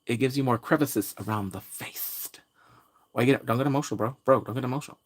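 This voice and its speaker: A man's voice: medium pitch, fast. A man hosting a pop culture vlog, ranting casually and trash-talking in a brash, jokey way. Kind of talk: casual rant to camera.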